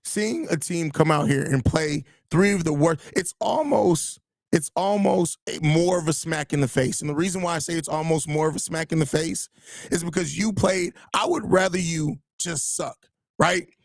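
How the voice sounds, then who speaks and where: A man's voice: on the high side, moderate pace, vocal fry, no echo, studio quality. A man hosting a sports podcast, venting in a frustrated, profane rant full of repeated phrases while reacting to listener comments. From Chicago area. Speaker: podcast host. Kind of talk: live podcast reacting to chat.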